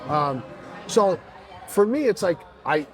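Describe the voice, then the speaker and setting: A man, a fitness coach chatting as a podcast guest, blunt and profane, telling animated stories. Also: a little high, slow, some chatter behind, rough recording. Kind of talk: casual podcast chat.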